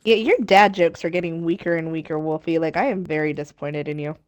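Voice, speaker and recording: A woman's voice: sits low, fairly even intonation, quick pace. A woman on voice chat during a game stream, teasing her friend and laughing often. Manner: teasing, giggly. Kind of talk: casual gaming chat with friends.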